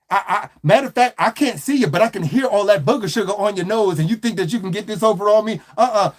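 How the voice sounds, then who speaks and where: A man's voice: sits high, fast talker, hardly any pauses. A man hosting a livestream, ranting animatedly and mockingly with slang, repeated phrases and stuttered restarts. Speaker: livestream host. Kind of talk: livestream rant.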